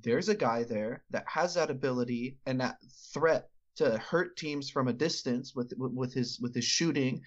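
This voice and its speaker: A man of middle pitch talks at length and often restarts and hedges his sentences. He is co-hosting casual sports chat. The sound is muffled and lo-fi. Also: normal speed, few pauses. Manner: rambling, with many restarts and hedges. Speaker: podcast co-host.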